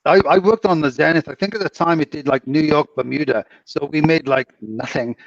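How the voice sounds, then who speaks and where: A man's voice: fairly high pitch, brisk, creaky, dry recording, lo-fi sound. Man rambling from a distant mic. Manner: rambling anecdotes with restarts. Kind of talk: casual chat.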